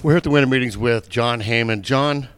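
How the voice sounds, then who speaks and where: A man from California interviewing guests and asking quick, friendly questions. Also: medium pitch, loud music behind the voice. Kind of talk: casual interview.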